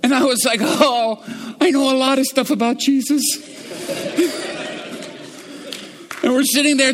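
A middle-aged male preacher giving a sermon, moving from hushed, low storytelling to loud, fervent preaching. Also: in a large hall, a little hiss or hum.

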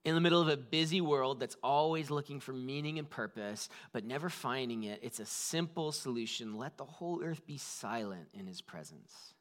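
A man's voice: medium pitch, animated, moderate pace, hardly any pauses. A man preaching a conversational sermon, full of "like" fillers and shifting emphasis. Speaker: pastor.

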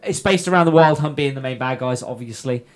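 A man in the game master's seat, talking through his plans in a loose, rambling podcast style. He stops and restarts, filling gaps with ums, at an ordinary middle pitch. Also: a little fast, crowd noise. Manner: rambling, many fillers and restarts. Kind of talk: casual podcast chat.

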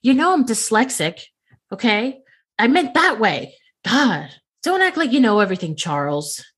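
A woman's voice: lowish voice, animated, unhurried, creaky, husky, heavily acted. A woman voicing a vain, bossy female trashkin in a tabletop game, with a snippy, indignant manner. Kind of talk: tabletop role-play in character.

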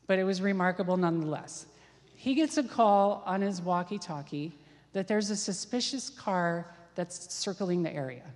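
A woman from Ohio telling a lively, self-deprecating story in a sermon, with quick asides. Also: fairly low pitch. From Ohio, USA. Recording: long hall reverb.

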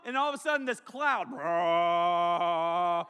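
A male pastor preaching a sermon to a congregation in a large hall, joking and animated, breaking into shouts. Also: high-pitched, takes it slowly, clear, resonant tone. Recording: long hall reverb.

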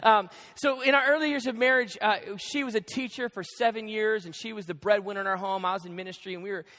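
A young male pastor preaching a sermon, telling stories in an animated, joking way. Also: high voice, fast talker. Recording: echoey church hall.

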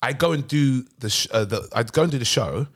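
A man with a London accent, hosting a podcast and telling stories in animated, slangy casual chat. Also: medium pitch, brisk, husky. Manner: animated storytelling with slang like bruv. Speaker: podcast host.

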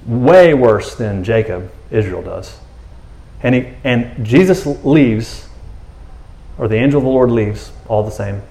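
Animated, conversational male preacher. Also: mid-range voice, a little slow. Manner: animated, conversational, acts out characters. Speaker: pastor. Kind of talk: sermon.

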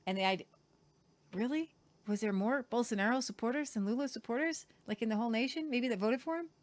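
A woman co-hosting a casual news commentary show, reading stories aloud and breaking in with sarcastic asides. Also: mid-range voice.

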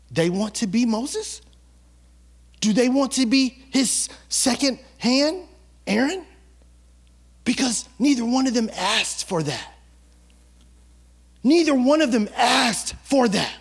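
A male pastor giving a sermon, retelling a story in an animated, colloquial, conversational way. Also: very high voice, slow pace, long pauses, husky.

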